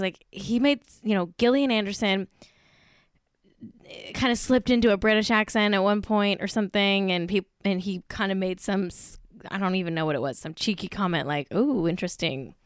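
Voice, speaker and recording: A woman's voice: medium pitch, fairly quick, clear, resonant tone, dry recording, clean studio sound. A woman co-hosting a comedy podcast in casual chat, rambling and gushing with lots of "like"s. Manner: gushing, full of likes, with frequent laughs. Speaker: podcast co-host.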